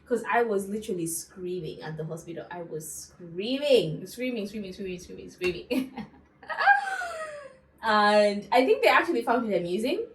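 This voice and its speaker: A young woman from Zambia telling a story in a casual, animated way while going through her skincare routine, with lots of asides to her viewers. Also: mid-range voice, reverberant, a little hiss or hum, rough recording. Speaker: beauty vlogger.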